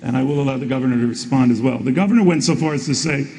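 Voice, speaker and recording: A man's voice: mid-range voice, very fast, mellow, rough recording. A man moderating a debate, pressing candidates with questions and interrupting them.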